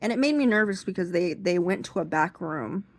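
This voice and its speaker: A young woman doing seated stand-up. She rambles through an anecdote with many restarts and fillers, and jumps into high, loud voices when she acts out other people. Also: lively intonation, a little fast. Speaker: stand-up comedian.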